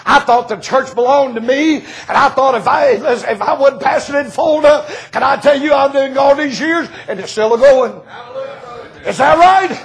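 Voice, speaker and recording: A man preaching a sermon, telling stories with lots of laughter and swinging from shouted climaxes to hushed retellings. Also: very high-pitched. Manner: laughs through lines.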